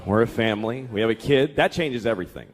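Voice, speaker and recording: A man's voice: mid-range voice, expressive, fast talker. Exasperated profane stand-up comedian, man. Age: 30s. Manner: profane, exasperated, acts out voices. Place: comedy club stage with laughing audience. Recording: live club recording with crowd noise.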